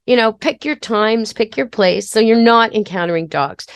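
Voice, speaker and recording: In studio-quality audio with no echo, a woman speaks at a moderate pace in a smooth, slightly high voice. She's a pet expert hosting a podcast, walking listeners through training tips step by step in a casual, chatty style.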